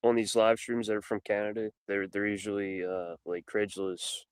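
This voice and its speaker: A man's voice: lowish voice, fairly even intonation, moderate pace, smooth, no room sound, rough recording. A man chatting as a guest on a live stream panel, blunt and telling stories. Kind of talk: casual live stream chat.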